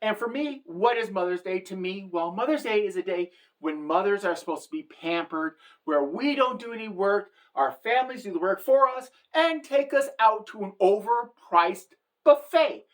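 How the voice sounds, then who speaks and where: A woman's voice: medium pitch, lively intonation, moderate pace. Brash, sassy middle-aged woman for a comedic vlog monologue. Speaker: satirical vlogger.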